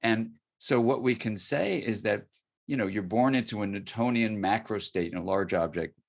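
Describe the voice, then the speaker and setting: Low gravelly-voiced man telling a story. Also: moderate pace. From United States. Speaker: guest expert. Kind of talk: storytelling interview answer.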